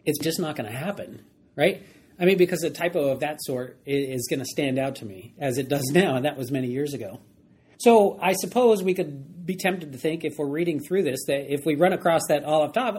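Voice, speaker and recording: A man teaching a Bible study lesson, animated and emphatic, repeating key phrases as he explains. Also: on the high side, a little fast, breathy edge.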